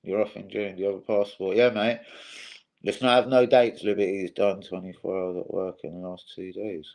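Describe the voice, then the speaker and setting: A man's voice: sits low, little pitch movement, a little fast, vocal fry, a little mellow, poor audio. A young man hosting a casual live stream, swearing freely and calling his viewers "bros".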